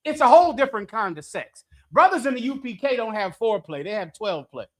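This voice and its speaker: Fast and sing-song, the man's voice sits high. As he runs a scripture class, he preaches provocatively to a live chat, brashly joking, leaning on rhetorical questions and frequently laughing at what he just said.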